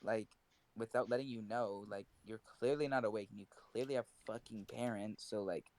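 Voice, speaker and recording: Relaxed teenage guy with a low voice. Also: normal speed. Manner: relaxed, reflective, swears casually. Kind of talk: casual chat.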